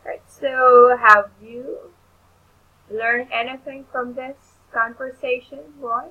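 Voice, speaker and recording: A woman tutoring English in an online lesson, explaining things slowly and patiently. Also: fairly high pitch, flat delivery, narrow, tinny audio.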